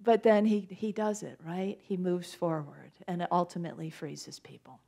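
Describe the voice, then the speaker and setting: A woman's voice: fairly low pitch, steady tone, normal speed, vocal fry, warm tone, slightly rough. Chatty woman minister giving a sermon. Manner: conversational, laughing often, retelling scripture with voices. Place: church sanctuary with congregation.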